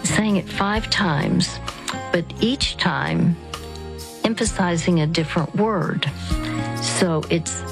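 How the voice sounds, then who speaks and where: A woman hosting a radio counseling show, speaking gently and haltingly with fillers and restarts. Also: on the low side, creaky, music in the background, low-quality recording.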